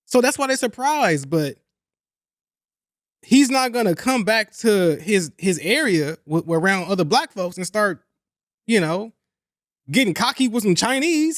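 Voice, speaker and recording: A young man hosting a podcast, talking in a casual, animated and profane way, repeating points for emphasis. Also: high voice, measured pace, no room sound, studio quality. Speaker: podcast host. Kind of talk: casual chat.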